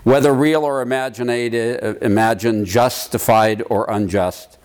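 A man leading an informal Bible study, talking through a passage in a conversational, halting way and checking in with his listeners. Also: medium pitch, fairly even intonation, darkish tone. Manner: conversational, halting, quizzes the room. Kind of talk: informal Bible teaching to a group.

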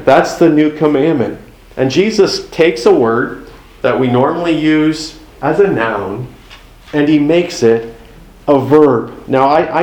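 A man's voice: medium pitch, darkish tone, echoey room, low-quality recording. A man preaching a sermon in a conversational way, with folksy asides and acted-out exchanges. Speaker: pastor.

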